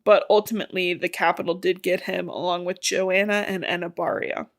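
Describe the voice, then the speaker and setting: A woman's voice: on the low side, fairly even intonation, brisk. A young woman podcast co-host retelling a novel's plot in casual chat, swearing freely and acting out the characters' lines. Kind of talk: casual book recap chat.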